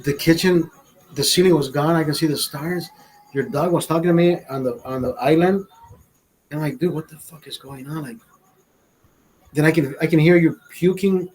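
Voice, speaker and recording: A man's voice: a little high, normal speed, pauses often, darkish tone, a little hiss or hum, low-quality recording. A man in his forties from Honduras telling a rambling, profane story in casual chat, laughing as he goes. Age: 40s. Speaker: podcast host.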